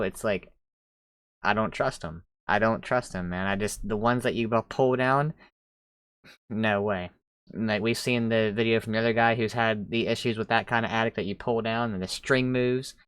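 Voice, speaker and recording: A man hosting a reaction video, talking casually and excitedly, swearing and riffing as he comments on clips. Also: fairly low pitch, clean tone, no echo. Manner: animated, swearing, exclaiming, riffing.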